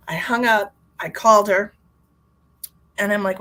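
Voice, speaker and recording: A woman's voice: mid-range voice, a little slow, pauses often, a bit bright, husky. A middle-aged woman, a psychic medium, chatting casually on a live stream and telling a story. She laughs often and greets viewers by name.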